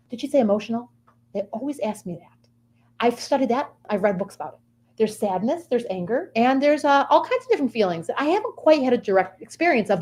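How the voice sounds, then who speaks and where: A woman guest delivering a playful, rambling comic monologue in character, with sing-song asides. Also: sits high.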